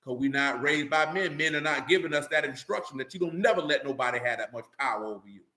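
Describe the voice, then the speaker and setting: A man's voice: a little high, quick pace, pushed and bright, roomy sound. A man preaching a sermon in a blunt, colloquial way, full of rhetorical questions.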